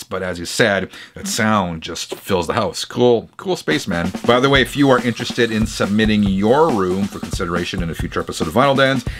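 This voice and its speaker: A man's voice: lowish voice, a bit bright. A man hosting a casual show, reading viewer letters and reacting with chatty enthusiasm, correcting himself now and then. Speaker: host reacting to viewer music rooms.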